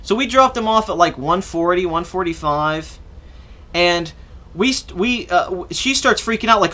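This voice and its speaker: A young man with a high, bright voice tells a long story on his podcast. He rambles through it casually, swears freely and acts out what people said along the way. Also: lively intonation, normal speed. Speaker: podcast host.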